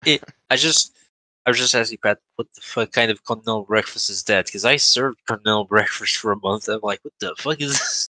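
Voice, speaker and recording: A man's voice: on the low side, brisk, sharp tone, dry recording, low-quality recording. A young man chatting casually as a tabletop game player, rambling with restarts and swearing. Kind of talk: casual chat between players.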